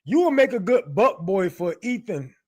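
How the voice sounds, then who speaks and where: A man's voice: high-pitched, sing-song, normal speed. Loose, profane man chatting on a livestream. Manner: loose, profane, laughing often. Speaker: livestream host. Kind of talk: casual livestream chat.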